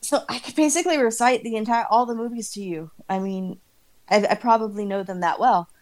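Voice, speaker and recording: A middle-aged woman co-hosting a podcast in casual chat, animated and laughing often as she acts out her own reactions. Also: fairly high pitch, a little fast. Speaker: podcast co-host.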